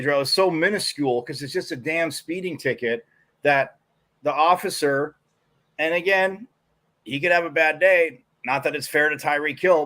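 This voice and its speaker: Man, sports talk co-host, somewhat higher voice, rambling, animated, casual commentary. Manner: rambling, animated storytelling with many restarts.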